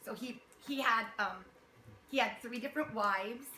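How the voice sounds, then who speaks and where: A woman directing a youth theater show, talking casually to her cast with warm praise, much laughter and many fillers. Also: on the high side, moderate pace. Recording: echoey room, noisy.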